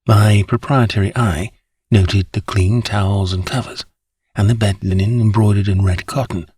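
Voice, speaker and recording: A man narrating an audiobook in a measured, wry storytelling manner. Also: fairly low pitch, fairly even intonation, a little mellow, husky, dry recording, clean studio sound. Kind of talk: scripted narration.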